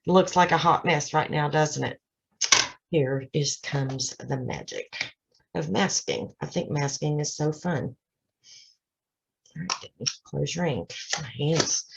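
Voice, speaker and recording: Chatty woman with vocal fry. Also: deep voice, a little hiss or hum. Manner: chatty, narrates each step, self-deprecating asides. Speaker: craft channel host. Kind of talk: casual card-making tutorial. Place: home craft desk. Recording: slightly dull lo-fi sound.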